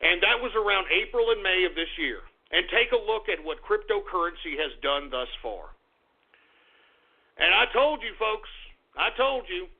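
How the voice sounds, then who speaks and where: A man with a high, gravelly voice rants as host of an internet radio show, cursing and sighing in frustration. His voice comes through thin and tinny, like a phone line. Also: lively intonation, moderate pace. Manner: exasperated, cursing, with repeated sighs. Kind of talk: ranting call-out monologue.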